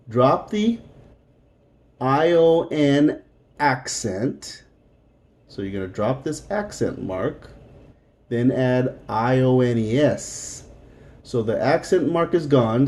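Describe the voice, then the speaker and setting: A man's voice: mid-range voice, warm tone. A man teaching a recorded beginner Spanish lesson, explaining patiently step by step and repeating words.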